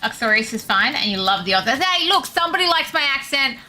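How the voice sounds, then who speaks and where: A young Australian woman chatting casually with her viewers while streaming a game, self-deprecating and quick to laugh. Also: on the high side, expressive, bright, forceful tone. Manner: chatty, self-deprecating, laughs often, reads chat aloud. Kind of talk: casual gaming stream chat.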